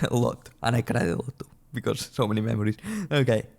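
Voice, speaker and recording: A man's voice: medium pitch, fairly even intonation, moderate pace, creaky, darkish tone. A man in his early twenties from a small European country, giving casual, rambling gameplay commentary at his computer, swearing, restarting sentences and laughing often. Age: early 20s. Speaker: gaming channel host.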